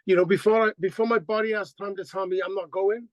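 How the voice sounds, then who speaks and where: A middle-aged man, a band singer telling stories in a casual interview, animated and profane. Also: high-pitched, fast talker, dry recording, lo-fi sound. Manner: animated, profane, acts out quotes.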